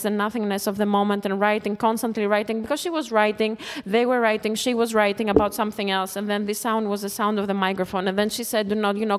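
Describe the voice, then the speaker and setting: A woman's voice: mid-range voice, long reverb tail. A woman giving a stream-of-consciousness spoken performance into a microphone, circling and repeating phrases over and over. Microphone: speaking into a microphone.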